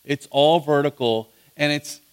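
Animated questioning male pastor. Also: a little high, unhurried, clean tone. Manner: questioning, animated swings from loud to soft. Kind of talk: bible study teaching.

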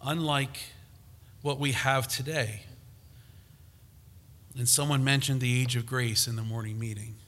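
A man's voice: medium pitch, steady tone, a little slow, long pauses, a bit bright. A man preaching a sermon on scripture, emphatic and given to restarts and fillers as he teaches.

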